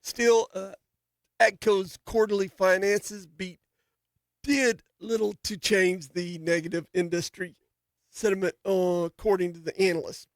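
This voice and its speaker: A man's voice: sits high, flat delivery, unhurried, no room sound. A man hosting a daily farm radio show, talking casually in a folksy, rambling way with many fillers and restarts. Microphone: studio microphone.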